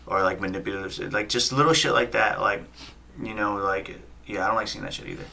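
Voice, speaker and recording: A man in his thirties, a podcast guest, telling a story in quick, profane casual chat and acting out the quotes. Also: fairly low pitch, steady tone, vocal fry, pushed and bright. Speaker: guest, fighter and coach. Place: podcast studio.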